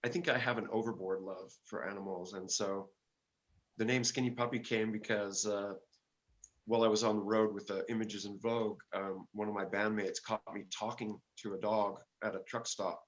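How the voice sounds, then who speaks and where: A low-pitched older man talking casually as an interview guest. He speaks haltingly, with frequent fillers and restarts as he works through his stories. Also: fairly even intonation, dull audio. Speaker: guest musician.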